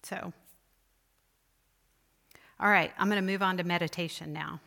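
This woman's voice sits on the low side, gravelly and sharp, with a steady, unhurried delivery. She leads a conversational church lecture on spiritual disciplines, asking the group questions along the way.

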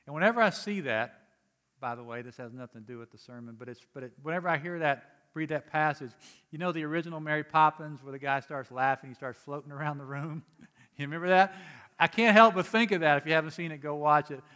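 A man delivers a sermon to his congregation in a fairly high voice. He talks in a conversational way, dropping quiet for explanation and rising for emphatic urging. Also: fast talker. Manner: conversational preaching, swings from soft to emphatic. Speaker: pastor.

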